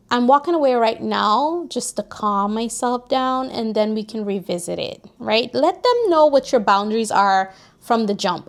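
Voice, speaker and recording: A young woman in her twenties vlogging casual life advice, animated and preachy, talking straight to her viewers. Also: a little high. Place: New York, recording outdoors near street traffic.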